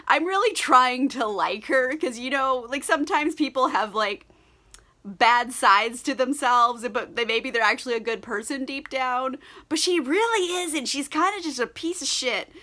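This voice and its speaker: A young woman with a bright, edgy voice pitched a little high, chatting tipsily into the camera. She rants sarcastically about a book, swears freely and breaks into giggles. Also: moderate pace. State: tipsy. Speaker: book vlogger. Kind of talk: casual book review chat.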